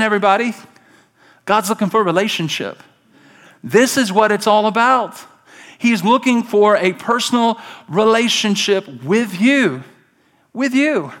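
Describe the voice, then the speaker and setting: A man, a pastor, preaching a conversational sermon at a church service, moving from quiet asides to emphatic calls. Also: high voice.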